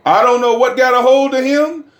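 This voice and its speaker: A middle-aged man preaching and telling his own testimony, dropping to hushed murmurs and rising to loud shouts. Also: extremely high pitch, steady tone, normal speed. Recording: roomy echo.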